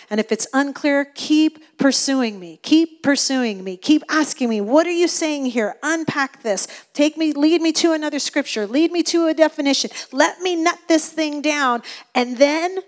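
A middle-aged woman preaching a sermon in an earnest, emphatic way, repeating phrases for stress. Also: high voice.

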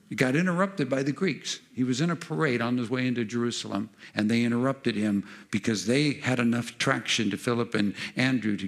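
A man's voice: medium pitch, creaky, a bit bright. A middle-aged man preaching a conversational sermon that builds into fervent, rising delivery. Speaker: pastor.

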